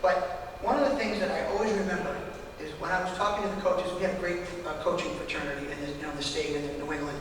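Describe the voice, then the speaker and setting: Older male ex-coach at a podium, high-pitched, emotional and heartfelt, heard from a distance with a long hall reverb. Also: steady tone, fast talker, a bit bright, a little hiss or hum. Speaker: retired baseball coach. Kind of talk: hall of fame acceptance speech. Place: large event hall. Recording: echoey hall from far off.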